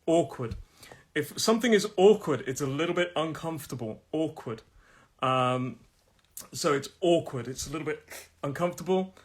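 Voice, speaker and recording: A middle-aged man from England leads a live pronunciation lesson, his voice sitting a little high for a man. He chats freely, says each word slowly several times, and sounds as though he is losing his voice. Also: lively intonation. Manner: chatty, repeats each word slowly, laughs at own jokes. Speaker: pronunciation teacher.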